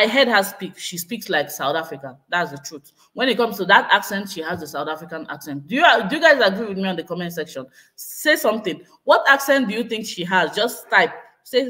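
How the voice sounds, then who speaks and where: A woman's voice: on the low side, a bit bright. Chatty woman vlogger speculating on live stream. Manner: speculative, hedging, reads out viewer comments. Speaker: vlogger hosting a live chat. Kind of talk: casual live-stream commentary.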